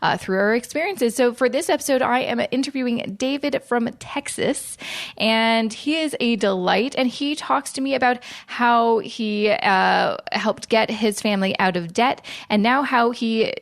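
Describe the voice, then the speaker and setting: A woman's voice: on the high side, gravelly, dry recording, studio quality. A Canadian woman hosting a podcast interview, upbeat and chatty. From Vancouver, Canada. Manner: upbeat, chatty, quick to laugh. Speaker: podcast host. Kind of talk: casual interview chat.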